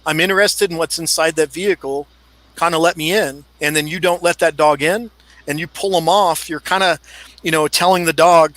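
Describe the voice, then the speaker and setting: A man's voice: on the high side, fairly even intonation, moderate pace, a bit bright, dry recording, rough recording. A man in a casual podcast discussion, explaining at length and acting out what a dog would say. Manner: explains at length, acts out dog thoughts in quotes. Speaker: dog handling expert guest.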